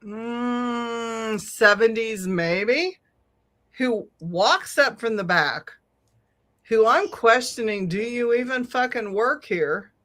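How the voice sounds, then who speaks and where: A middle-aged woman telling a long, animated story on a podcast, swearing freely and laughing often. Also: on the high side, takes it slowly. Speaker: podcast co-host. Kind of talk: casual storytelling chat.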